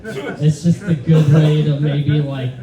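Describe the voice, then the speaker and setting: A man doing a stand-up set in a club with a deadpan, halting delivery full of fillers. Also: on the high side, a crowd in the background. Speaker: stand-up comic. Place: comedy club, open mic. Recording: echoey room from far off. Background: audience laughter.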